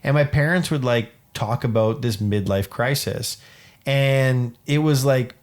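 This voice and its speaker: A man's voice: mid-range voice, measured pace. A man in his late thirties, a podcast co-host telling a personal family story in an earnest, heartfelt way during casual chat. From Canada. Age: 30s. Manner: earnest storytelling, acts out quoted family dialogue. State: dad.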